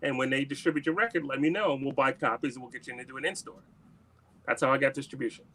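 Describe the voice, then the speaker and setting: A man's voice: medium pitch, rapid-fire. A man in an interview, telling a long story in a casual way and acting out the lines of the people in it. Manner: animated anecdote-telling, acts out quoted dialogue. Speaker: musician guest.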